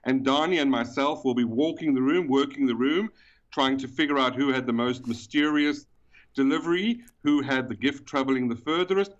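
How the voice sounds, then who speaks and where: South African man on a dull, lo-fi line. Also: medium pitch. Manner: explanatory, with frequent pauses and fillers. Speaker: guest, event organizer. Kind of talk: podcast interview. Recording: dull, lo-fi sound.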